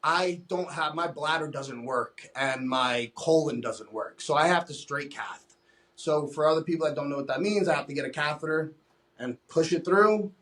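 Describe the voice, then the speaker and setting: A young man on a podcast speaks in a fairly high voice as he tells his own story plainly. He swears freely, restarts his sentences often, and keeps up a candid conversational flow. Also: fairly bright tone. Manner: blunt and profane, with many restarts. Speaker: podcast guest.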